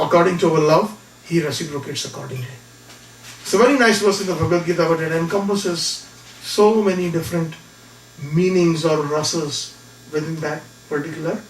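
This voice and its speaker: A man giving a lecture who tells a devotional story in an animated way and acts out the people in it. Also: on the high side, a little hiss or hum. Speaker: speaker. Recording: echoey room from far off.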